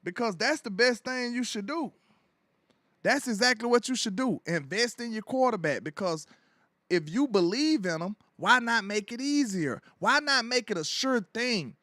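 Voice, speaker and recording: A man hosting his own sports commentary show, ranting in an animated, slangy way and laughing as he goes. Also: extremely high pitch, normal speed, dry recording, studio quality.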